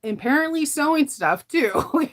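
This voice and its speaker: A woman's voice: high voice, lively intonation, measured pace. A middle-aged woman chatting casually while she sews, laughing often and trailing off mid-sentence, tired as she recovers from an illness. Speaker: sewing vlogger. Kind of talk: casual chat while sewing.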